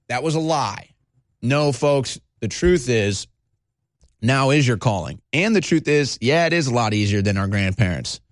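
A male talk show host delivering a heated, agitated monologue, swinging between low intensity and shouting. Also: expressive, moderate pace, no room sound, clean studio sound.

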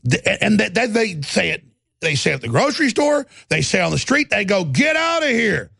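A male radio talk show host, ranting in a heated monologue with stammered restarts and bursts of shouting. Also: high voice, sing-song, fairly quick, no room sound, studio quality. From Texas. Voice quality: gravelly.

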